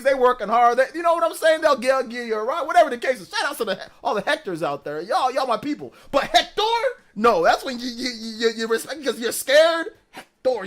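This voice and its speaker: A man hosting a live stream, telling stories in a casual, animated and slangy way. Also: very high voice. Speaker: streamer host. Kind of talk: casual livestream chat.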